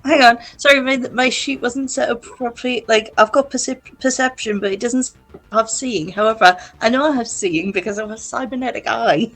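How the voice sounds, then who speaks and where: A woman's voice: a little high, normal speed, fairly bright tone, faint music behind. A woman playing a tabletop game, chatting casually and apologising as she sorts her sheet. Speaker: player.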